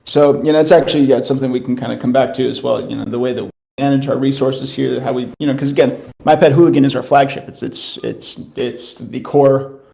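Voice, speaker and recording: A man's voice: medium pitch, fairly even intonation, fast talker, creaky, few pauses, mellow. A man hosting a casual live voice-chat update for his studio's community, laid-back and slangy, drifting through fillers and restarts. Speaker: host of a studio community call.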